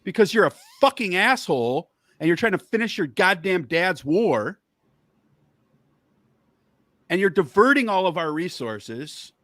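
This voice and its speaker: Man, fuming political rant, constant swearing, higher voice. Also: sing-song, unhurried, pauses often, fairly bright tone, dry recording, clean studio sound. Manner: angry, heavy swearing, worked up.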